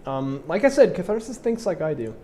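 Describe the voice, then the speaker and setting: A man's voice: a little high, very animated, brisk, darkish tone, slight background noise. A congested man casually commentating his own strategy game match, explaining his moves with plenty of fillers.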